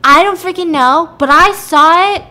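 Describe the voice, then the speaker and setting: A woman voicing a frantic woman who insists she saw a murder, shrill and swearing. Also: animated, normal speed, pushed and bright, full character voice. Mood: insistent.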